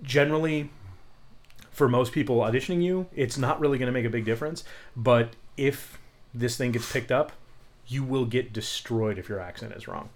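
A young adult man hosting a podcast in a relaxed, rambling way, full of fillers and offhand swearing. His voice sits at an ordinary middle pitch. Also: normal speed. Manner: rambling, loose, swears casually. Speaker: podcast co-host. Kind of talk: casual chat.

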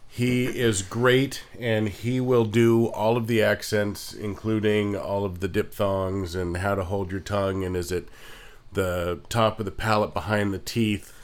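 A man co-hosting a casual podcast chat, explaining accent resources in a measured, informative way. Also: fairly low pitch, steady tone, clear, resonant tone.

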